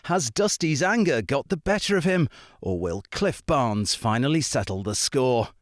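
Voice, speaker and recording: A man's voice: medium pitch, lively intonation, normal speed, no room sound, clean studio sound. Dramatic man doing a TV promo. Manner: dramatic, questioning build-up. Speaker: announcer. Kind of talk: TV promo voice-over.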